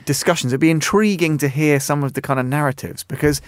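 A man on a studio radio panel, thoughtful and measured, often pausing to find his words. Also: fairly high pitch, no room sound. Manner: thoughtful, measured, hesitant phrasing. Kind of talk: casual studio discussion. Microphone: studio microphone.

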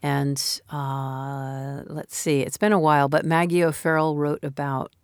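A woman's voice: sits low, flat delivery, a little slow, clean tone, no room sound, studio quality. A woman in her fifties, a novelist speaking in an interview, talking in a thoughtful, reflective, conversational way. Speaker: novelist guest.

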